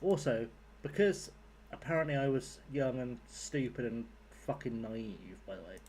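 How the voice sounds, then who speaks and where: A young man chatting casually to viewers while he streams a game. He rambles and jokes, swearing freely, in a voice of middling pitch. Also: normal speed, a little mellow, husky. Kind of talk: casual live-stream chat.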